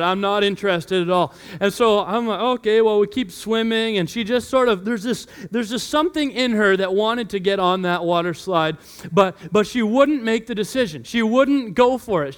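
Pastor, male, 30s, high light voice, animated storyteller who acts out his kids' voices. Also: normal speed, clear, resonant tone. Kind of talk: sermon with personal story.

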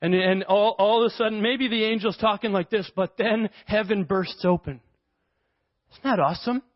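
High-voiced pastor preaching animatedly. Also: male voice, normal speed, dry recording. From Canada. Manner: animated, conversational preaching with playful asides. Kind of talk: sermon. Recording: dry, dull lo-fi sound.

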